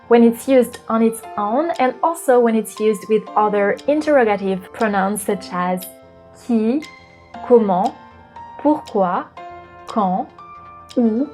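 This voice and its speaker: A woman's voice: on the high side, a little mellow. French woman teaching with light music behind. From France. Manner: clear, patient explaining. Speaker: French teacher and channel host. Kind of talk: friendly language lesson.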